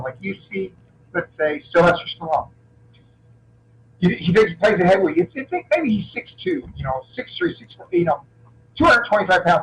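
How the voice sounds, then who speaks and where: A middle-aged action film actor appears as a guest in a casual interview, telling animated anecdotes and often restarting his sentences. His voice is high-pitched, and the recording is rough.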